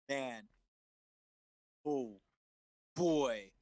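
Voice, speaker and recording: A man co-hosting a movie review podcast in casual chat over a remote call, animated and swearing freely. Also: fairly high pitch, fairly quick, no echo. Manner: animated, swearing, laughs, mimics lines. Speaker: podcast co-host. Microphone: remote call recording.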